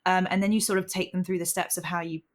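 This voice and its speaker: A woman co-hosting a podcast who chats and explains in a relaxed conversational way. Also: fairly low pitch, quick pace. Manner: conversational, explains things with restarts. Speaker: podcast co-host. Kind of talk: casual interview chat.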